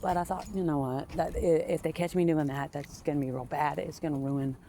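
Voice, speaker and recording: A woman vlogging as she walks home outdoors, talking frankly in a rambling way with many pauses and fillers, recorded on a phone. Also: sits low, fairly even intonation, dark tone, a little hiss or hum. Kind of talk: casual rambling chat while walking.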